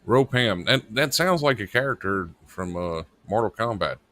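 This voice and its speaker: A man's voice: on the low side, lively intonation, moderate pace, sharp tone, dry recording. A man co-hosting a live internet radio stream as its producer, rambling and joking with casual swearing. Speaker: producer and co-host.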